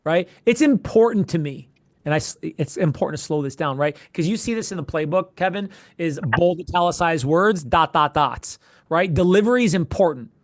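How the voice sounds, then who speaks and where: A man with a high voice coaches a sales role-play in a casual, animated way. He swears freely and fires off short phrases over and over. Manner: animated, profane, quick bursts of repeated phrases. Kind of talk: coaching feedback in casual chat.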